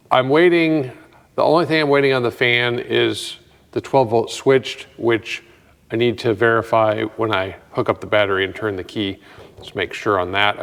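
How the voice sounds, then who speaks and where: A man's voice: mid-range voice, vocal fry, clear, resonant tone, long reverb tail. A man walking through his progress on a customer's truck in his workshop, thinking aloud with lots of fillers and dry, self-mocking jokes. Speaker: mechanic working on a customer's truck. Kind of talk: casual workshop walkthrough.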